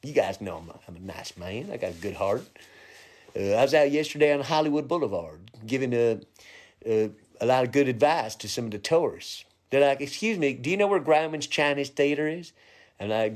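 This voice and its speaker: A man hosting his own live stream, rambling through a loose, bawdy comedy monologue full of fillers and jokey asides. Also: on the low side. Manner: bawdy, joking, loose and chatty with many fillers; slips into quick funny voices for quoted people.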